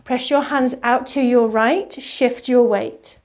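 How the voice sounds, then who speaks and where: A woman leading a qigong movement class, giving soft, slow guiding instructions. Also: on the high side, fairly even intonation.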